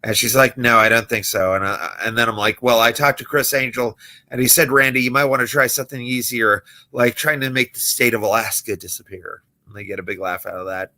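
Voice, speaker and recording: Hosting a late-night livestream, this young adult magician talks casually in a steady, fairly quick, mid-range voice with a bright, forceful edge. He tells stories and plays out the voices of the people he quotes.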